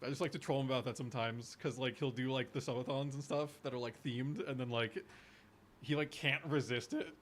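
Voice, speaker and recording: Brief: young man, casual streamer chat, easygoing and quick to laugh, mid pitch. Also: a little hiss or hum. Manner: laid-back, excitable, laughs easily.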